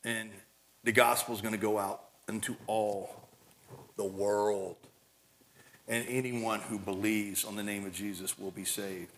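A man preaching a sermon, animated and climbing toward near shouting at high points, with many repeated and restarted words. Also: measured pace. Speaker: pastor.

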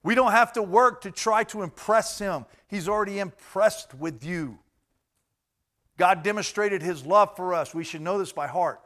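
Preacher man with loud bursts. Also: sits high, moderate pace. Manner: swings between loud emphatic bursts and quiet asides; speaks directly to the congregation. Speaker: pastor. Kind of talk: sermon.

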